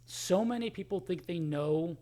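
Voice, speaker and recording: A man who is a guest on a podcast, talking casually and acting out the people he quotes in an animated way. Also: high voice. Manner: rapid, animated storytelling, acting out quoted dialogue.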